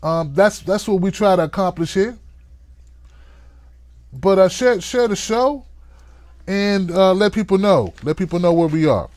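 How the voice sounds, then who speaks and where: A man's voice: sits high, animated, measured pace, pauses often, dry recording. Hyped-up male talk show host. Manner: hyped, playful, hollers shout-outs to viewers. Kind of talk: live-stream talk show monologue.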